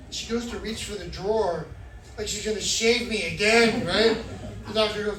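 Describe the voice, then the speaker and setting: A man doing stand-up, telling a self-mocking story with animated energy. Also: high-pitched, normal speed, far from the mic. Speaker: stand-up comedian. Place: comedy club, indoors. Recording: roomy club from afar, loud crowd. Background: audience laughter.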